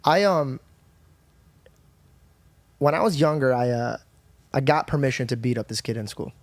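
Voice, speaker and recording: Young adult man, podcast storyteller, blunt and salty, average pitch, dry studio mic. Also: normal speed, no echo. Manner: candid, profane, animated retelling.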